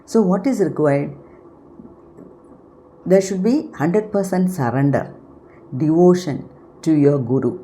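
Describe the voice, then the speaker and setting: Woman, spiritual channel host, low mellow voice, measured and explanatory, frequent pauses. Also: animated, a little hiss or hum. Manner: unhurried, explanatory, pausing often to search for words. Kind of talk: unscripted spiritual talk.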